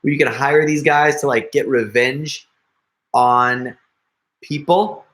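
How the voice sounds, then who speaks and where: A man's voice: mid-range voice, steady tone, takes it slowly, fairly bright tone. A middle-aged man chatting casually with viewers on a live stream, joking and laughing often. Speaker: prank video creator hosting a live stream.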